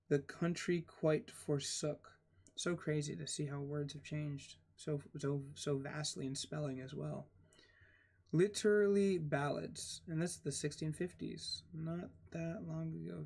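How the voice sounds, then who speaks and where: A young man reading a textbook aloud with casual asides, pausing to spell out words letter by letter and getting excited over odd spellings. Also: on the high side, creaky. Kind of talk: casual read-aloud with commentary.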